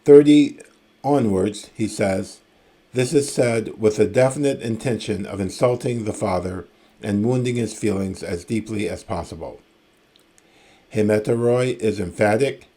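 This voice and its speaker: A man lecturing on ancient Greek grammar, reading verse aloud in a measured way and explaining it with casual asides. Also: on the low side, mellow. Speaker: classics lecturer.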